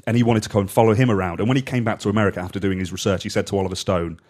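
Male podcast co-host, quick, lower voice, laughs a lot mid-story. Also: fairly even intonation, darkish tone. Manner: enthusiastic, laughs often while telling anecdotes. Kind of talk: casual film chat.

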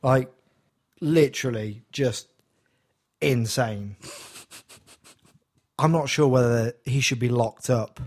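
A man's voice: mid-range voice, takes it slowly, pauses often, darkish tone, husky. A man giving a casual film review, hesitant, with many restarts and dry humor. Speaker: podcast guest reviewer.

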